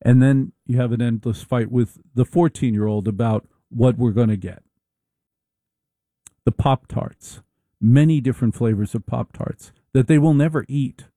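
A middle-aged man hosting a casual, humorous monologue, with a wry, deliberate, drawn-out delivery. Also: medium pitch, warm tone, dry recording.

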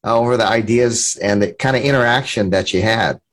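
A man's voice: fairly low pitch, fairly quick, a bit bright. Man hosting an earnest interview. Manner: earnest, probing questions. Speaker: podcast host.

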